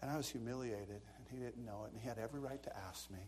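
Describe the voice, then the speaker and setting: A man's voice: mid-range voice, fast, darkish tone, slight background noise. A man preaching a sermon, telling stories with dramatic asides and bursts of laughter. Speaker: pastor. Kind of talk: storytelling sermon.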